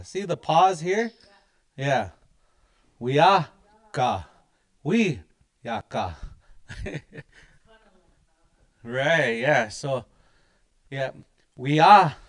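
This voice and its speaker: Slow, patient man teaching pronunciation. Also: a little high, vocal fry, a bit bright. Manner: patient, repeats words many times with laughs. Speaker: language teacher. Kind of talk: slow, repetitive pronunciation lesson.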